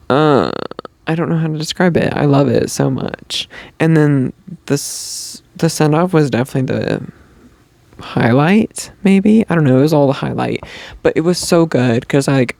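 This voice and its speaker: Gushing young man with a gravelly voice. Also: medium pitch, darkish tone, dry recording. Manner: gushing, chatty fan talk with many likes and ums. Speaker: podcast host. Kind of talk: casual storytelling chat.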